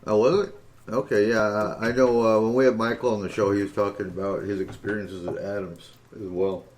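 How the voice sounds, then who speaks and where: A man hosting an interview in a relaxed, casual way, giving short affirmations and adding a few remarks of his own. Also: on the low side, fairly quick, a little hiss or hum. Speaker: host.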